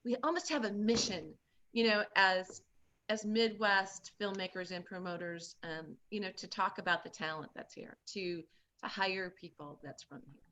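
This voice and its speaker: A middle-aged woman from the Midwest, hosting a casual chat with lively enthusiasm and frequent restarts. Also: mid-range voice, normal speed. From born in Minnesota, raised in Iowa. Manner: animated, enthusiastic, many restarts. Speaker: host. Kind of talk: casual video-call chat.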